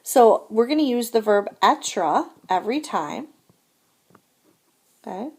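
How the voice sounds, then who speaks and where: A woman's voice: fairly high pitch, big pitch swings, slow pace, slightly rough. Patient woman teaching French grammar. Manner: patient, repeats "so again" and "okay?". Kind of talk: recorded lesson explaining grammar.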